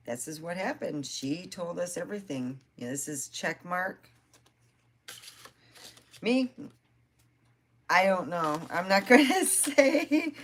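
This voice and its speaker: A woman's voice: a bass voice, slight background noise. A woman telling rambling family stories in a casual vlog, laughing often and swearing now and then. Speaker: vlogger. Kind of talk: casual storytelling.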